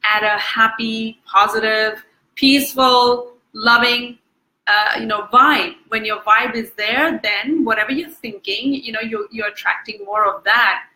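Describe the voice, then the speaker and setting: A woman's voice: fairly high pitch, bright, forceful tone, roomy sound, poor audio. A woman coach giving an earnest motivational talk to viewers, repeating words for emphasis and using many fillers. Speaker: EFT coach.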